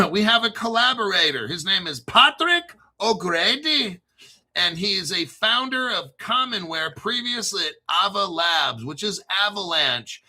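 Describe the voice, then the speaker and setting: A man hosting a crypto show, talking in an excited, rambling monologue with frequent swearing, stopping to spell out names letter by letter. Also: high-pitched.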